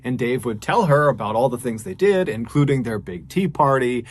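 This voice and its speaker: A man's voice: mid-range voice, normal speed, hardly any pauses, slight background noise. A man telling a true-crime story in a casual, conversational way, with frequent filler phrases. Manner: casual, conversational, many "you know" fillers. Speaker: host and storyteller.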